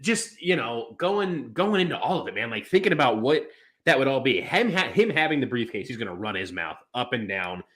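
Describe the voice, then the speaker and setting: A man's voice: medium pitch, very animated, a little fast, a bit bright. A man co-hosting a wrestling podcast, talking casually in long rambling turns full of fillers and restarts. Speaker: podcast co-host.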